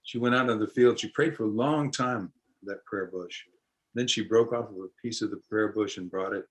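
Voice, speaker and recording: A man telling an old story in an interview, unhurried and folksy, lightly acting out the voices of its people. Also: lowish voice, low-quality recording. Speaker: storyteller and musician.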